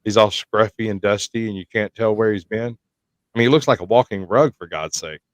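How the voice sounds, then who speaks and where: A man co-hosting a casual podcast chat, joking and telling animated stories. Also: fairly low pitch, brisk, dry recording. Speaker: podcast co-host.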